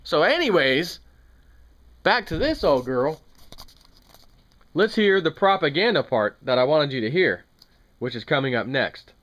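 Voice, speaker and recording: A man's voice: fairly high pitch, sing-song, unhurried, pauses often, fairly bright tone. A man giving an angry, sarcastic political commentary on his own channel, repeating points with rising heat. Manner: heated, sarcastic, repetitive. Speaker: video commentator.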